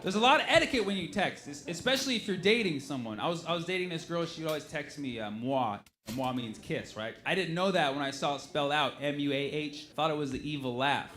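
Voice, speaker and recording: A man doing stand-up comedy on a club stage, his voice sitting a little high. He talks deadpan, then hits punchlines hard. The handheld mic catches a lot of noise around him. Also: fast, few pauses. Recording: noisy live club recording with crowd laughter.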